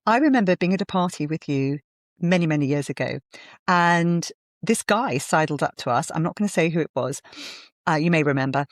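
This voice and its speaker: A woman's voice: low voice, lively intonation, no echo, studio quality. A woman hosting a podcast, encouraging her guest and laughing easily in casual conversation. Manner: warm, encouraging, quick to laugh. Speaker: host.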